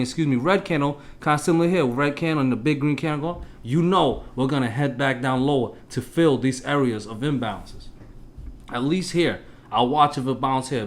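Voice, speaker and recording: A man giving a casual stock chart analysis, talking straight to his viewers in an emphatic, punchy way. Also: mid-range voice. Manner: punchy, with exclamations. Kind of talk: casual market analysis talk.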